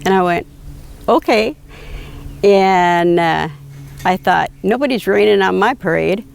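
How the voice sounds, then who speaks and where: An older woman slowly recounting a personal story, quoting others with frequent hesitations and fillers. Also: medium pitch, gravelly, clean tone. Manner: slow, reflective, quoting dialogue with hesitations. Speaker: patient telling her story.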